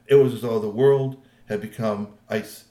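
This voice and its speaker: A man improvising a bedtime story for his child, animated and meandering, in an echoey room. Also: fairly low pitch, normal speed. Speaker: parent telling a bedtime story.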